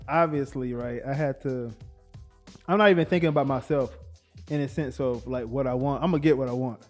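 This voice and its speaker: A man's voice: medium pitch, a little fast, faint music behind. A young man co-hosting a casual podcast with his partner, laid-back and laughing, with a Black way of talking. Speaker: podcast co-host. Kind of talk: casual couple chat.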